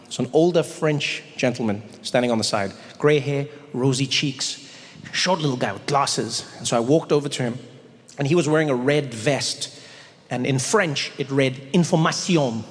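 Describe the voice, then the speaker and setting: A man doing stand-up comedy with animated storytelling and frequent self-interruptions. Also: mid-range voice, normal speed. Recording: live venue with long reverb.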